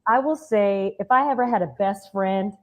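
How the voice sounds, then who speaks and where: A woman from Miami co-hosting a casual talk show, chatty and animated as she tells a story. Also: medium pitch, normal speed, highs cut off.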